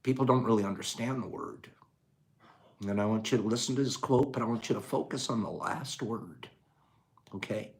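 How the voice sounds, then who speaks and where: An older man hosting a casual talk on a quote, moving between quiet musing and loud rhetorical outbursts in a folksy way. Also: on the low side, normal speed, creaky. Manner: folksy, says gosh darn and dude. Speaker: host.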